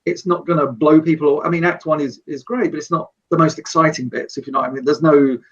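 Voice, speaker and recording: Husky distant man, eager and rambling. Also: a little high, fairly even intonation, fast, a bit bright. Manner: enthusiastic, rambling with many restarts. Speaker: guest, storyboard artist. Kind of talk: casual podcast chat. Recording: distant, dull lo-fi remote mic.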